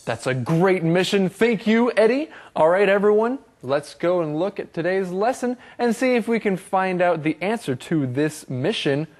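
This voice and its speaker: A man co-hosting a children's English lesson show, speaking in a clear, upbeat, careful way. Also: sits high, expressive, moderate pace, hardly any pauses, a little mellow. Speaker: co-host.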